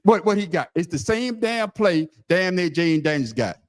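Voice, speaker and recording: Loud high-pitched man cursing in heated debate. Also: lively intonation, normal speed, a crowd in the background. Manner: profane, loud, repeats words, talks over others. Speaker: podcast co-host.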